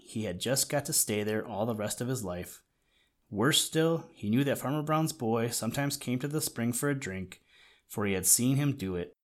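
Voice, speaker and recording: A man reads a children's story aloud in a gentle, measured way. His voice sits at an ordinary middle pitch for a man. The delivery is calm and even. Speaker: narrator. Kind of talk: storybook reading.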